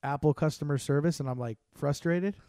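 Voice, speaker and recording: A man co-hosting a loose podcast, talking in stops and restarts with an easy laugh. His voice sits a bit high for a man. The sound is dry and close, with no room echo. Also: fairly quick, mellow. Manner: rambling, self-interrupting, laughs easily. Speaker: podcast co-host. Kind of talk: casual podcast chat.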